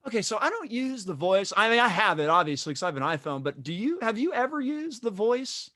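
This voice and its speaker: A man's voice: high-pitched, big pitch swings, brisk, pushed and bright, no echo, studio quality. A man who is a guest on a podcast, chatting casually in a rambling way, repeating words as he goes.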